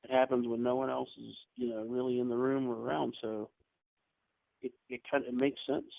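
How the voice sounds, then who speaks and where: A man telling rambling ghost-hunting anecdotes as a podcast guest, with quick asides. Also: mid-range voice, level tone, creaky, dry recording. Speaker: podcast guest, paranormal investigator. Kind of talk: casual storytelling interview. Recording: tinny phone-like line.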